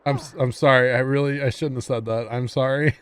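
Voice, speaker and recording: A man's voice: medium pitch, steady tone, fairly quick, fairly bright tone, smooth, no echo. Chatty man streaming a farming game. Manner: chatty, often apologizing to chat with laughs. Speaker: livestreamer. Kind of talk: casual gameplay commentary.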